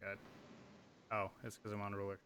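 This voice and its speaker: A man's voice: fairly low pitch, monotone, brisk, a crowd in the background. A man narrating a tabletop role-playing game as game master, in a casual, chatty way with many fillers.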